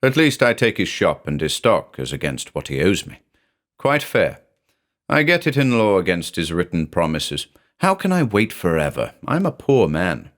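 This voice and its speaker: A man's voice: low voice, sing-song, moderate pace, a bit bright. A man putting on a wheedling uneasy landlord. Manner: wheedling, defensive, broken phrasing. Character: uneasy middle-aged male landlord with foreign lilt.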